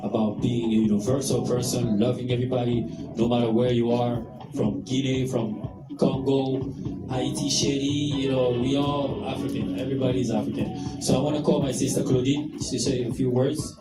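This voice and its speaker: Brief: male event emcee, mid-pitched, loud guitar playing behind him. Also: steady tone. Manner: hurried, organizing, many fillers. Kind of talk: hosting a memorial event. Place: indoor event hall. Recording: echoey hall from far off with loud guitar music. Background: guitar music.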